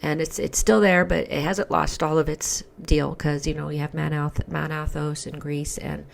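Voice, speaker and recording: Hoarse lady w/ a low gravelly voice, slow halting chat about faith. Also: level tone. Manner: halting, many fillers and restarts. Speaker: Orthodox Christian commentary vlogger. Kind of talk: casual spoken commentary.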